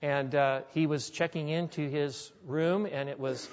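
A man's voice: a little high, fairly even intonation, a little slow. A male pastor preaching a sermon, telling stories in a folksy, conversational way. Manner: storytelling, folksy. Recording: echoey hall, dull lo-fi sound.

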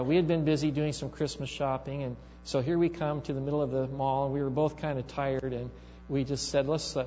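A man's voice: medium pitch, darkish tone. A male pastor preaching a sermon, telling a story and building to emphatic rises. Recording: reverberant hall, dull sound, mains hum.

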